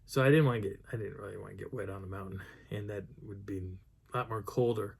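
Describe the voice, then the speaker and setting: In a lowish, creaky, husky voice with fairly even intonation, a man speaks at a quick pace. He's a Colorado high-country Bigfoot researcher telling a rambling mountain-hike story, restarting often and acting out the voices of those he met.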